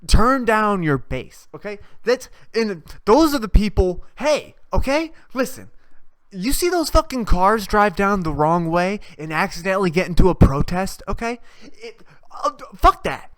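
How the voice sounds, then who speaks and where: Young adult podcast host, solo rant, profane, rambling, sarcastic, pitch swinging up and down. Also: lively intonation, moderate pace. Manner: profane, rambling, sarcastic, laughs at own jokes.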